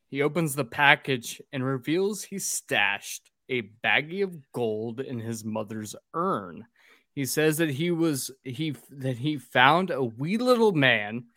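A man's voice: medium pitch, fairly bright tone, dry recording, clean studio sound. A man hosting a casual drinking podcast, recapping a film plot in a profane, rambling way.

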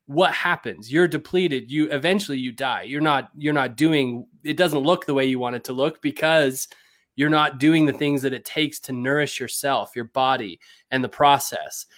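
A man's voice: mid-range voice, normal speed, fairly bright tone, no echo. A man who works as a coach, talking casually on a podcast and laughing lightly as he makes his points. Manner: conversational, laughs lightly while making a point. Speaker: leadership coach. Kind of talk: podcast conversation.

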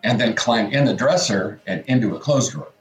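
A man's voice: mid-range voice, fairly quick, echoey room, soft background music. A middle-aged man co-hosting a morning radio show, telling a rambling story in casual chat and acting out what his family said.

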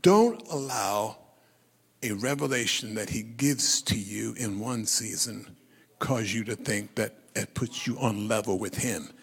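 A male pastor preaching a sermon, telling the story in a lively way and calling on the congregation to repeat phrases. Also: lowish voice, unhurried, husky, in a large hall.

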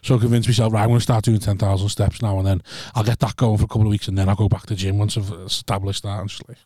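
A man's voice: fairly low pitch, little pitch movement, very fast, dark tone, dry recording. Self-mocking Northern English man, dry mic. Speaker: podcast co-host. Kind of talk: casual banter.

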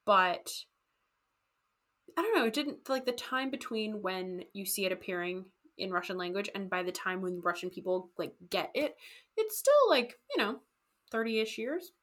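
A woman casually telling a history story on a podcast, animated and jokey, acting out quotes. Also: mid-range voice, moderate pace. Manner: animated, jokey, acts out quotes in goofy voices. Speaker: podcast co-host.

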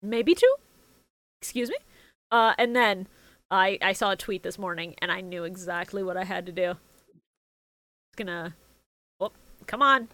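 A woman co-hosting a casual podcast, profane and excitable, laughing often. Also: medium pitch, normal speed, no echo. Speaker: podcast co-host. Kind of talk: casual chat.

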